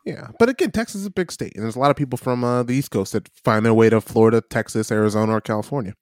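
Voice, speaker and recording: A man's voice: medium pitch, rapid-fire, no echo. Male co-host, teasing joker, stumbles over words; dead dry close-mic sound. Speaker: podcast co-host. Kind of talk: casual chat.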